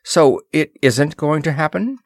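A man's voice: on the high side, lively intonation, measured pace, dry recording, studio quality, pitched above the performer's own voice. A man voicing a cool male flyer who drawls, mutters and speaks with sarcasm. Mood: sardonic.

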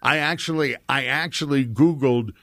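A man's voice: medium pitch, normal speed, fairly bright tone, dry recording. A man telling a long, rambling personal travel story in casual chat, with lots of restarts.

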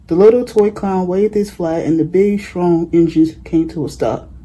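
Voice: medium pitch, moderate pace, warm tone. A reader reading a children's picture book aloud, plainly and with small slips. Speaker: storybook reader.

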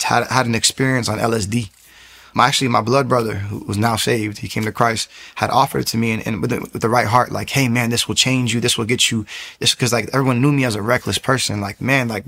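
A young man, a former soldier, giving a personal faith testimony in quick, emphatic bursts with frequent restarts. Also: mid-range voice, vocal fry, fairly bright tone. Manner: fast, emphatic telling with frequent restarts and sudden raised bursts.

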